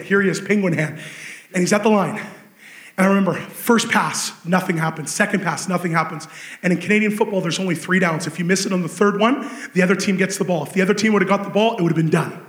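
A man preaching a sermon, telling a story with animated swings between excited shouting and hushed intensity. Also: sits high, quick pace, reverberant.

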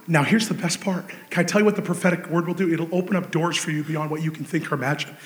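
High-voiced animated male preacher. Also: fast, echoey room. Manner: animated storytelling, swinging from shouting excitement to hushed intensity. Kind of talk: sermon.

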